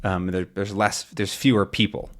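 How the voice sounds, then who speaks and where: A man's voice: deep voice, moderate pace. A man who is an English teacher, explaining a comic for learners and often rephrasing his words. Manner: animated, repeats and rephrases.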